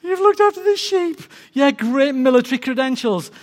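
A man's voice: extremely high pitch, very animated, a little slow, full character voice. Saul, a preacher playing a doubting sarcastic king. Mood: doubtful. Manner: sarcastic, dismissive. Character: doubtful middle-aged king, dry and sarcastic. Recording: long reverb of a large hall.

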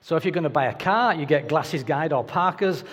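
Animated preacher in a reverberant hall. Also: male voice, fairly high pitch, a little fast, breathy edge. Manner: conversational, anecdotal, playful asides. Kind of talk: sermon.

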